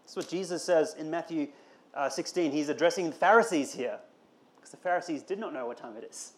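A man's voice: on the high side, fairly quick. A man preaching a conversational sermon, asking rhetorical questions and building to emphatic calls. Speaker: pastor.

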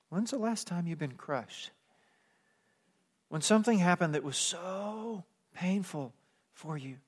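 High-voiced man preaching in a reverberant hall. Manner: earnest preaching, acts out plain-spoken asides. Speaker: pastor. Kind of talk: sermon.

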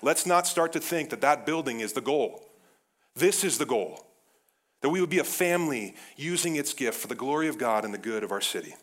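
A man preaching an energetic, casual sermon as pastor, often saying "like" and addressing the church as "guys". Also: medium pitch, brisk.

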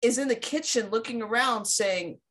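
A woman's voice: on the high side, moderate pace, a bit bright. A woman co-hosting a podcast, recapping a cartoon over a video call, blunt and casual, swearing freely. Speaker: podcast co-host.

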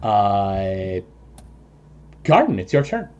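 A man's voice: on the low side, wildly swooping pitch, extremely slow, darkish tone, muffled recording. A man running a tabletop game as game master, describing the scene with frequent chuckles and filler words. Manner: chuckles often, many ums and restarts.

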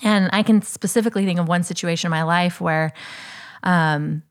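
A woman with a notably low voice talks in a thoughtful, reflective way. She often leans on casual fillers as she works through an idea. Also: normal speed. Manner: thoughtful, uses fillers like "you know" and "like". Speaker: podcast co-host. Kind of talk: reflective faith conversation.

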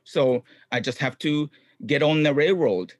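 A middle-aged man, a guest chatting in an interview in upbeat, halting English full of ums. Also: on the high side, no echo, clean studio sound. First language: Japanese. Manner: upbeat, frequent ums, non-native phrasing. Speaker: guest, clown comedian and actor. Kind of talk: casual interview chat.

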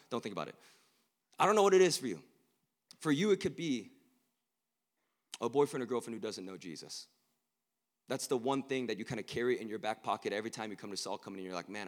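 A young man gives a sermon to a campus group in a loose, joking way. His voice jumps from quiet and earnest to loud and excited, and his pitch moves a lot. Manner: casual and joking, with sudden loud emphatic bursts and hushed earnest lines. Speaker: campus ministry speaker. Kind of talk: sermon to college students.

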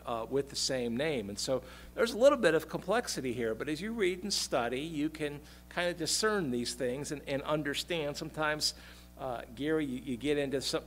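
Halting preacher, fairly high voice. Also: male voice, fairly bright tone, a little hiss or hum. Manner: halting, many "uh" fillers and repeated words; calls on congregation members by name. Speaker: pastor. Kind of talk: bible study teaching.

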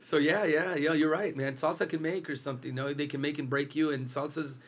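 A man's voice: a little high, fairly even intonation, a little fast. Chatty man telling stories. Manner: storytelling, restarts often. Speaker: taco business owner guest. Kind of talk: casual chat.

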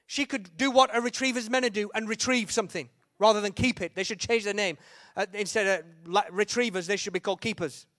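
A young man delivers a comic sermon story, acting out his own thoughts and calling out loudly at moments. His voice sits fairly high for a man and the sound is dry and close, with no room echo. He talks with playful self-mockery and quick bursts of energy. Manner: humorous, animated, shouts and acts out quotes. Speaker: preacher.

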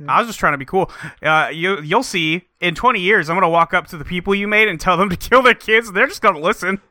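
A man co-hosting a podcast who jokes about a bad book in casual chat, with deadpan asides and quick mock quotes. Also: sits high, no room sound, studio quality. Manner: animated, jokey, deadpan asides. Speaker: podcast co-host. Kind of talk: casual comedic book discussion.

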